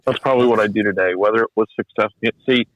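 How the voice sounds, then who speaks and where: A man's voice: fairly low pitch, rapid-fire, fairly bright tone, dry recording. A middle-aged man, an emergency physician, telling stories in a candid, reflective and self-deprecating podcast conversation. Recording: slightly muffled podcast audio.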